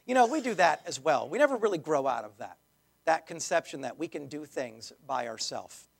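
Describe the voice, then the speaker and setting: A pastor delivers his sermon in a gravelly, creaky voice. He speaks conversationally, restarting phrases and dropping in casual asides as he works through his message. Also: on the high side, animated, moderate pace.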